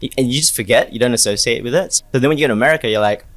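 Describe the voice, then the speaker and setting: A man co-hosting a podcast, chatty and quick to joke. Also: mid-range voice, dry recording. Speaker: podcast co-host. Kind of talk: casual chat.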